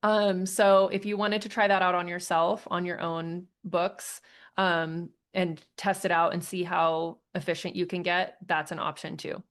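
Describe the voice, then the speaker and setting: Host, female, relaxed and conversational, lowish pitch, laughs easily. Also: unhurried. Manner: casual, chatty, laughs often. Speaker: host answering questions. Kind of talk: live Q&A session.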